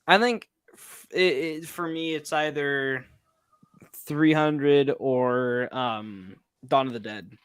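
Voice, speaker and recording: A man's voice: medium pitch, takes it slowly, smooth, dry recording. Easygoing man reading out viewer questions. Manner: easygoing, short replies and relayed questions. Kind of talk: casual chat.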